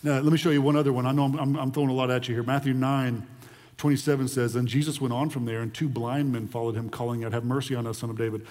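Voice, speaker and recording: A man preaching a sermon in an animated way, often repeating words as he builds his point. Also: mid-range voice, fast talker, long reverb tail. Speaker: pastor.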